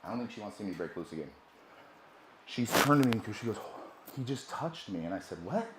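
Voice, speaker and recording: A man, a sales trainer, telling a brash, profane story at a seminar, swinging from hushed asides to loud bursts. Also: on the low side, animated, fast, roomy sound, heavy background noise.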